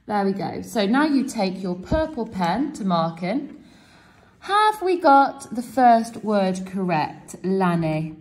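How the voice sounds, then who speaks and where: A woman's voice: medium pitch, sing-song, takes it slowly, a little mellow. A woman teacher showing students a self-quiz method step by step and cheering them on. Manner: encouraging, explains step by step. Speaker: French teacher. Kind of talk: classroom demonstration.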